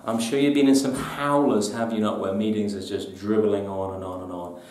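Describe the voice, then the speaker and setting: A man's voice: lowish voice, fairly even intonation, moderate pace, darkish tone. Emphatic man presenting tips, roomy sound. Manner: emphatic, punchy, colloquial. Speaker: business trainer. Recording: echoey room, mic at a distance.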